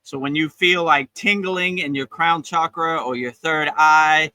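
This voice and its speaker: A man with a very bright, forceful voice and a fairly high pitch, giving a laid-back spiritual talk. He sounds relaxed and encouraging and circles back to the same phrases. The sound is dry and close. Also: measured pace, dry recording, poor audio. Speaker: spiritual teacher. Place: outdoors on a beach.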